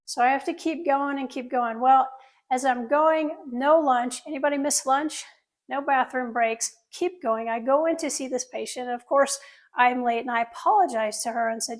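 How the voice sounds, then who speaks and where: Surgeon, female, middle-aged; high voice, earnest first-person storytelling with audience asides. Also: moderate pace. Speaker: plastic surgeon telling her story.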